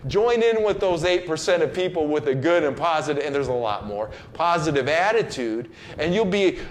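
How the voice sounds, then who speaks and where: A man's voice: fairly high pitch, a little hiss or hum. A man giving a casual motivational talk, loose and slangy with many fillers and restarts, now and then acting out other people's lines. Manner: acts out quoted people in changed voices. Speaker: host giving a motivational message.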